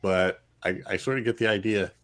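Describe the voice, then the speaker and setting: A middle-aged man with a very low voice chats on a podcast panel about a film. He is enthusiastic and stumbles through restarts, repeating words as his excitement runs ahead. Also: brisk. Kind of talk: casual review chat.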